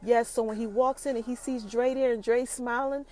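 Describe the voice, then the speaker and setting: A woman hosting a podcast, recapping a TV episode in a lively, chatty way and talking straight to her listeners. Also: on the high side, normal speed. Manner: animated, chatty, addresses listeners directly. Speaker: podcast host.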